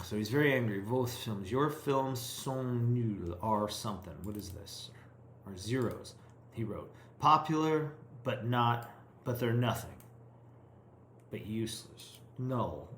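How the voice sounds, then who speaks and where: An English-speaking man practicing French, reading a story aloud slowly, stopping to translate and think through each line in English. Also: lowish voice, roomy sound, slight background noise. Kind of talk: self-recorded reading practice.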